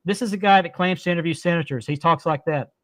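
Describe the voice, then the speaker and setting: High-voiced, indignant man hosting a show. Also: quick pace, no room sound. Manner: indignant, repeats himself for emphasis. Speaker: podcast host. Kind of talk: live-stream talk show.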